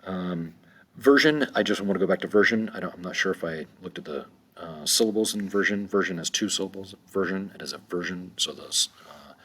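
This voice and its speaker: Male teacher, very deep voice, husky, unscripted vocabulary lesson, halting with ums. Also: fairly bright tone. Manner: slow, deliberate, with many ums and restarts.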